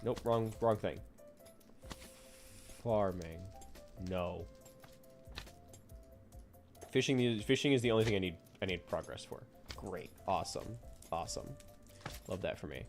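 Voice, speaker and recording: A man's voice: on the low side, a little slow, pauses often, soft background music. A man streaming a game, chatting casually and teasing his viewers with frequent laughter. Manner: playful, teasing, often laughing. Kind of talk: casual gameplay chat.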